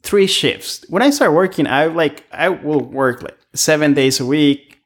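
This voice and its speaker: This restaurant worker, a podcast guest, speaks a little high and a little slow. He chats casually, rambling through stories from restaurant work.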